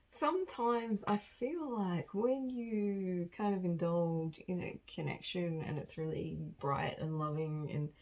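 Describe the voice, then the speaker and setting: A woman's voice: medium pitch, a little mellow, poor audio. A woman giving a casual collective tarot reading, chatty and rambling, often laughing at herself. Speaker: tarot card reader.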